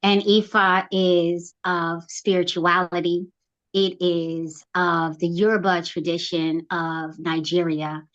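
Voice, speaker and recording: A middle-aged woman, a program founder, telling her life story as an interview guest in an animated way and acting out quotes with big jumps in pitch. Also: slow, highs cut off.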